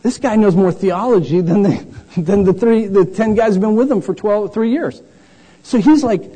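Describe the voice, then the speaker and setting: A male preacher delivering a lively sermon, taking on the voices of the people in his story as he goes. His voice is fairly high for a man, husky and mellow. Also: moderate pace, low-quality recording. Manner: animated, acts out voices of the disciples and the blind man.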